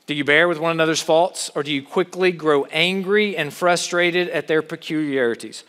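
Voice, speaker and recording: Male pastor, earnest sermon delivery, rhetorical questions, high voice. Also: normal speed, a bit bright, big-room sound.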